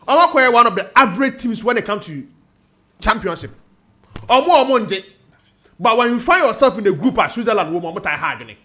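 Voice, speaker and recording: A man's voice: sits high, fairly bright tone. A man with a Ghanaian accent analysing football on a radio sports panel, switching between Twi and English and reeling off team names. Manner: mixes Twi and English, lists teams in bursts.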